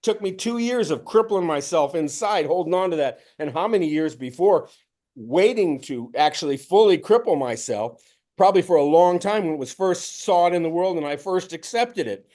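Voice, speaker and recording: Male spiritual teacher, fairly high voice, storytelling talk that voices his own inner dialogue. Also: lively intonation, normal speed, darkish tone.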